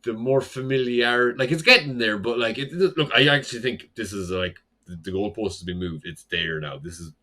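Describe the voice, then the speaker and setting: A man's voice: medium pitch, normal speed, few pauses, sharp tone. A young man co-hosting a podcast, slightly tipsy, rambling through a casual recap with lots of "like" and some swearing. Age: young adult. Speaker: podcast co-host. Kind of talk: casual chat.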